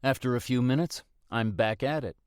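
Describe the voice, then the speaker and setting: A man narrating a first-person mystery audiobook in a steady, reflective manner. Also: medium pitch, moderate pace, smooth, no echo, clean studio sound.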